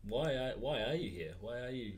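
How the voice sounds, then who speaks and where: A man's voice: mid-range voice, animated, normal speed. A man with a New Zealand accent hosting a podcast, jokey and upbeat. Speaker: podcast host. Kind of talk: casual podcast chat.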